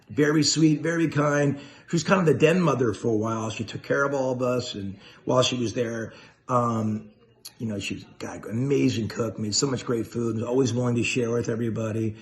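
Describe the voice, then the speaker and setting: Chill guy hosting a casual chat, mid pitch, easygoing and upbeat, lots of slang. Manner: laid-back and enthusiastic, full of slang and praise. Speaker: host of a chat video.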